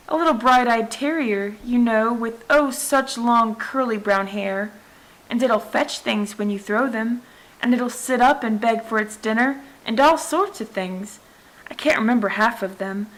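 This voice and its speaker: A woman's voice: a little high, unhurried, a bit bright, rough recording. A woman reading a storybook aloud, voicing a polite, eager young girl who chatters on. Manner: eager, well-mannered chatter.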